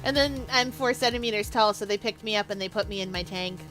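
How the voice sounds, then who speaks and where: A young woman streams a game over music, chatting casually and rambling through stories with frequent laughs. Her voice is medium-pitched and fast.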